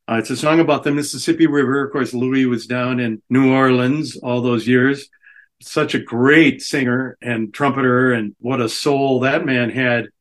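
A middle-aged man, a guest musician, chatting casually and enthusiastically on a radio show. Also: medium pitch.

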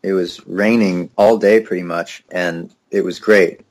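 A young man with a very deep voice chats as an interview guest. He tells stories in a loose, easygoing way, often breaking into a laugh. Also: a little slow. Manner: relaxed storyteller, laughs easily. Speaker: musician guest. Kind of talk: casual interview conversation.

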